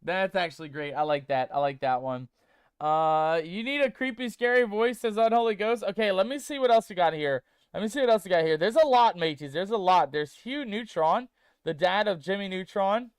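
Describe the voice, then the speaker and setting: Male streamer, playful and jokey, high voice, dry close sound. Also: moderate pace, clear, resonant tone, no room sound. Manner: playful, jokey, calls viewers "mateys"; reads chat aloud and tests text-to-speech voices. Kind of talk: casual game stream chat.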